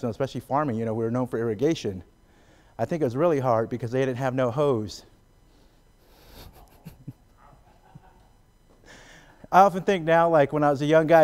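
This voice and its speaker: A man's voice: medium pitch, darkish tone. A man from the Gila River area of Arizona doing stand-up comedy and then talking in an interview, chatty and full of fillers. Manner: chatty, many fillers, laughs between jokes. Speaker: comedian, guest.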